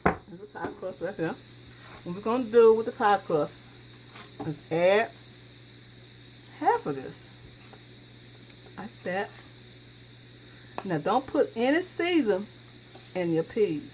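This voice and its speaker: A woman hosts a home cooking video, chatting folksily to viewers as she works in her kitchen and saying y'all often. Her medium-pitched voice is slow with frequent pauses, and the lo-fi recording sounds dull with steady background noise.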